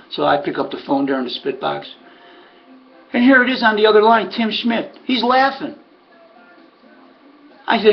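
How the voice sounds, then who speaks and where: A man's voice: high voice, lively intonation, moderate pace, gravelly, long pauses, soft background music. A man, a former harness racing trainer, telling a story and acting out other people's lines. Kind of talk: storytelling monologue. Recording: muffled lo-fi recording.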